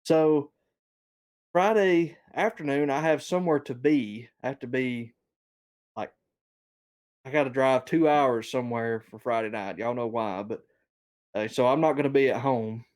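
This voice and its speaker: A man, telling a rambling story on a casual podcast, chuckling as he goes and getting animated when he quotes other people. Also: mid-range voice, normal speed, long pauses.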